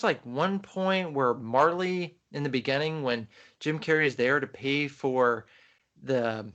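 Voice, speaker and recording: A man's voice: a little high, a bit bright. A man co-hosting a podcast, chatting in an enthusiastic, rambling way about films. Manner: enthusiastic, chatty, many fillers. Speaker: podcast co-host. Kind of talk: casual film chat.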